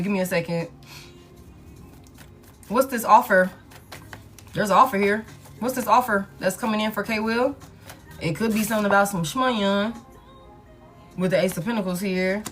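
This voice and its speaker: A woman's voice: mid-range voice, steady tone, moderate pace, pauses often, faint music behind. A woman giving a collective love tarot reading in a blunt, profane, emphatic way, talking to the cards and repeating her points. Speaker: tarot reader.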